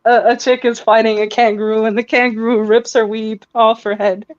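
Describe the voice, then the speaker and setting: Brief: a chatty woman telling stories on stream, slightly high voice, rambling delivery, muffled chat audio. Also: level tone, moderate pace. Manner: rambling, lots of fillers and laughter. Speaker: stream participant. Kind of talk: casual chat.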